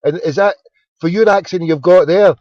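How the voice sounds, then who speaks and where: A Glaswegian man hosts a late-night radio phone-in, his voice sitting a touch high for a man. He rambles, jokes and trips over his words. The audio is dull and lo-fi, with a dry, close sound. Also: normal speed, a little mellow, dry recording. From Scotland. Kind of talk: casual chat.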